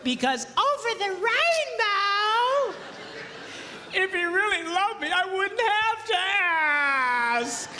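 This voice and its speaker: A man voicing a wistful woman who whines in a high, drawn-out sing-song. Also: expressive, crowd noise. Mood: dreamy whining. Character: whimsical wistful woman, dreamily whining. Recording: echoey hall reverb.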